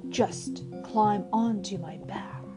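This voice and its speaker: A crafty fox, as a woman storyteller puts him on murmurs in a low, hushed, coaxing voice. He speaks slowly over soft music. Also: close to an everyday voice. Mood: sly. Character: crafty sly male fox.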